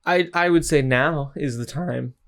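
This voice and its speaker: A man's voice: a little high, unhurried. A young man co-hosting a movie podcast in casual chat, joking with folksy phrasing and rambling through restarts. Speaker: podcast co-host.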